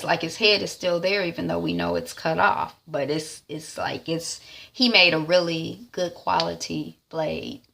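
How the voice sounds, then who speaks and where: A woman's voice: on the low side, steady tone, moderate pace, creaky, a bit bright. A woman giving a casual TV episode recap, retelling scenes loosely with lots of ums and "is like.". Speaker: TV recap vlogger.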